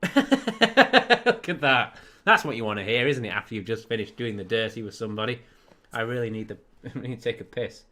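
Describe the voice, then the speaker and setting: A man's voice: mid-range voice, lively intonation, moderate pace, bright, forceful tone, soft background music. A man commenting on a video game he is playing, sarcastic and prone to laughing and swearing. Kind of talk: let's play commentary.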